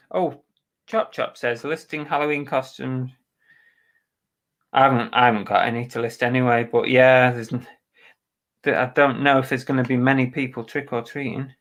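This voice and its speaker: A man's voice: mid-range voice, fairly even intonation, unhurried, pauses often, fairly bright tone, poor audio. An English man from the UK, chatting casually and bluntly on a live stream while listing items for resale and reading out viewers' comments. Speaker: eBay reseller livestreaming.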